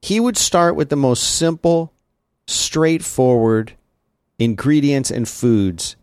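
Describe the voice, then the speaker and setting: A man's voice: medium pitch, slow, dry recording. A man hosting a podcast in casual, rambling chat, full of restarts and asides. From lives in Central Texas. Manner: rambling and lively, with many restarts. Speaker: podcast host.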